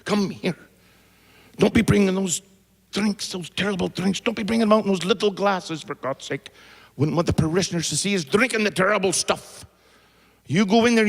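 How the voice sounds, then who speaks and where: A man with an Irish accent voicing a prim, disapproving old nun, shrill and preachy, on a live concert stage. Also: creaky, big-room sound.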